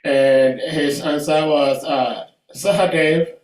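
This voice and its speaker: A man taking part in a casual class discussion, speaking haltingly with many pauses and "uh" fillers. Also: mid-range voice. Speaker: class participant. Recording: roomy sound from a distant mic.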